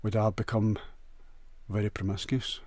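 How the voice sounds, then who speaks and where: Scottish guy rambling on his own, crude jokes, lowish voice, dead dry sound. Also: little pitch movement, moderate pace, a little mellow, no room sound. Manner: crude, meandering, jokey, stumbles over words. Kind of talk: rambling solo monologue.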